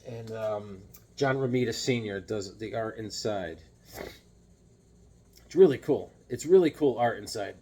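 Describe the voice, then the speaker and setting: A man's voice: lowish voice, a little slow, pauses often, mellow. A man chatting casually and enthusiastically about his comic finds, rambling and joking as he goes. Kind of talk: casual chat.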